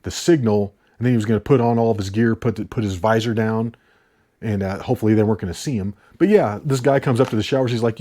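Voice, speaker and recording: A video host chats casually to camera about the movies he has watched and the discs he has bought. He talks fast in a lowish, mellow voice, rambling and often restarting his sentences.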